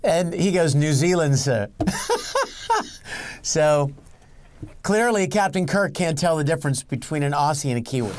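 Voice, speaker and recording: Animated, enthusiastic male guest. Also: on the high side, normal speed, pauses often. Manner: animated, enthusiastic, repeats himself. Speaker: guest, filmmaker. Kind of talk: casual interview chat.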